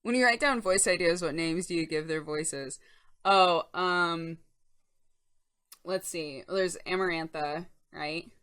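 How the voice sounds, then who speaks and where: A young woman hosts a relaxed stream chat, talking into a desk microphone. Her voice sits a little low for a woman, and she chats and giggles easily while answering viewers. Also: takes it slowly, smooth. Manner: chatty, giggly, reads chat aloud. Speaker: streamer host. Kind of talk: casual live-stream chat.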